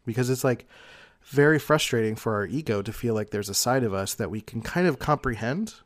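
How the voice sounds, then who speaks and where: A man explaining personality types in a casual, rambling monologue, peppered with "like" and soft laughs. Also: medium pitch, animated, a little fast, dry recording, clean studio sound. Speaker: personality type commentator.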